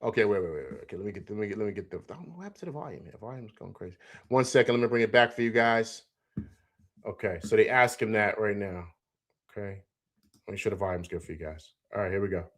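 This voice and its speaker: This sports talk show host has a lowish, slightly bright voice and speaks fast. Running a casual live stream, he chats loosely, says things more than once, laughs a lot, and reads out comments from his viewers' chat.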